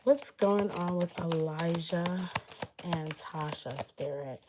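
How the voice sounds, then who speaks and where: A woman's voice: lowish voice, takes it slowly, heavy background noise. A young woman giving live-stream tarot readings in a casual, rambling way, full of fillers and hedges. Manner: casual, filler-heavy, hedging talk. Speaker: tarot reader.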